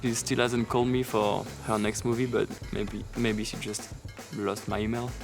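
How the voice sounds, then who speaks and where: A man in his thirties with a French accent, telling a personal story in a lively way, laughing often and acting out what others said. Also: on the low side, moderate pace, creaky, over music. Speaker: BMX rider telling a story.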